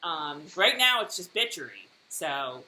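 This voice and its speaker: A woman co-hosting a casual TV recap podcast, talking in an animated way and acting out characters' lines with laughter. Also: deep voice, unhurried. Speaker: podcast co-host. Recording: roomy echo, faint noise.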